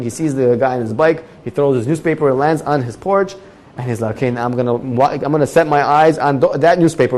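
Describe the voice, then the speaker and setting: Animated man telling a story in a class. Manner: animated storyteller, acting out characters with big jumps in pitch and loudness. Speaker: rabbi giving a Torah class. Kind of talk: storytelling Torah lecture.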